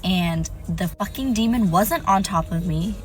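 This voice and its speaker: A woman excitedly retelling a frightening experience in a casual, swearing clip. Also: medium pitch, unhurried, faint music behind, poor audio. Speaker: social media creator.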